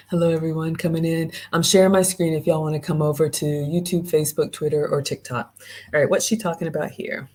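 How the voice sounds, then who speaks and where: A woman with a low voice hosts a live-streamed travel vlog. She chats casually, straight to her viewers, and greets them by name as she reads out their comments. Her tone is mellow and relaxed. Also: a little fast, a little hiss or hum. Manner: chatty, talks straight to viewers and reads out chat. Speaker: host.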